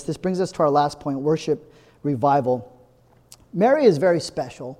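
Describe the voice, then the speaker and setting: Earnest preacher in a reverberant hall. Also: male voice, a little high, expressive, moderate pace, mellow. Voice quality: earnest, builds to emphatic repetition. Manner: conversational, frequent tag "right?". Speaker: pastor. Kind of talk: sermon.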